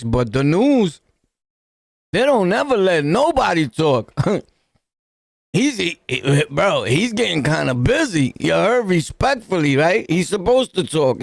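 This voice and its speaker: Gravelly slow-talking New York man. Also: fairly high pitch, sing-song, no room sound, studio quality. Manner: joking, laughs often, streetwise slang. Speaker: podcast host reacting to a video. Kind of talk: casual reaction commentary.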